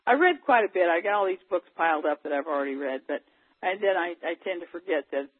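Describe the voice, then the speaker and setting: A woman's voice: fairly low pitch, animated, quick pace, slightly rough, dry recording. A woman chatting as a guest in a casual phone conversation, talking in a rambling, chatty way. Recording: tinny phone line.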